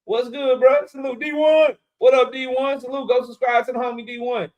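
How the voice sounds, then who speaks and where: High-voiced joking livestream host man. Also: steady tone, normal speed. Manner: loud, joking shout-outs to chat, profane. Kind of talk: casual livestream chat.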